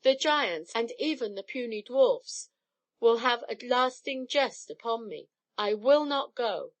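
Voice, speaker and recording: A woman's voice: on the high side, animated, a little slow, no echo. A woman voicing an angry, mighty male thunder god who roars his protests in a storybook tale. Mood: outraged. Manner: roaring, indignant.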